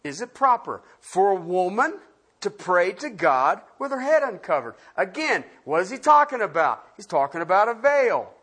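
Animated, unhurried Bible teacher with a husky voice; preaches with rhetorical questions and loud-to-quiet swings. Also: medium pitch. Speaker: pastor. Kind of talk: Bible-study sermon.

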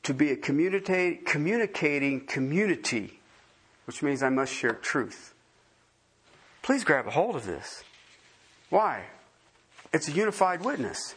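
A man preaching a sermon as pastor, emphatic and repeating phrases for stress, swinging from soft asides to loud, high emphasis. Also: very animated, unhurried, pauses often, slightly rough.

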